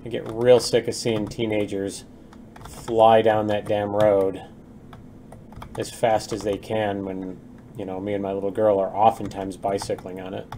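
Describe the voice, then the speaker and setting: A man's voice: lowish voice, little pitch movement, a little slow, mellow, a little hiss or hum. A young adult man streaming game development, chatting casually with viewers and muttering as he works, with faint keyboard typing. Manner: chatty, reads chat aloud and mutters while working. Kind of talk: casual live-stream chat while working.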